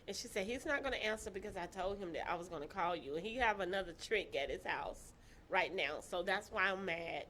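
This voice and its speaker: A woman telling her own story in casual chat, animated and laughing, acting out the voices of people she quotes. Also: medium pitch, fairly quick, slight background noise.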